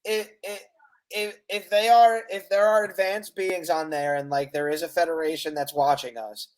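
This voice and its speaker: Podcast co-host, mid-pitched voice, rambling and stumbling. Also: flat delivery, normal speed. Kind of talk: casual chat.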